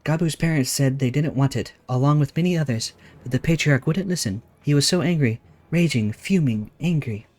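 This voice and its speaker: A man's voice: mid-range voice, normal speed, hardly any pauses, darkish tone, close to an everyday voice. A man voicing a small, frightened kobold boy in a game, pleading with repeated words.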